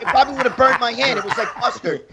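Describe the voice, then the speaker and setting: A man telling stories on a talk show, profane and animated, acting out other people's lines. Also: very high-pitched, quick pace, over a noisy crowd. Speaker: guest storyteller. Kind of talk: casual talk-show storytelling.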